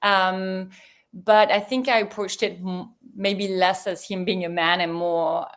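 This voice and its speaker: A woman's voice: medium pitch, fairly even intonation, measured pace. Woman, guest author on a video call, lots of ums and restarts. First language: French. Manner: chatty, rambling, with many fillers and restarts. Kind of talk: livestream Q&A conversation.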